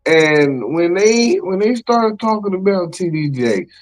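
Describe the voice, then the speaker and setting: Animated, slangy male podcast host. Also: high voice, measured pace, faint music behind, poor audio. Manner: animated, slangy, exclaims and laughs often. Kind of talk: casual podcast chat.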